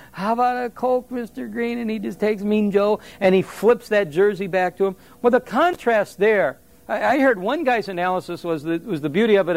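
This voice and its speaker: A man preaching a sermon in a conversational, animated way, with asides to the congregation. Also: high voice. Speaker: pastor.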